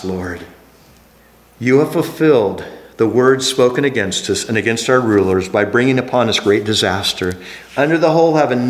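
A man preaching a sermon, emphatic, dropping to hushed lines and then rising to animated exclamations. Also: medium pitch. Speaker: pastor. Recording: echoey hall.

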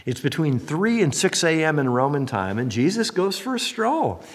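Husky male pastor, animated sermon delivery with a swooping pitch, in a reverberant hall. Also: normal speed. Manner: animated, acts out quoted voices.

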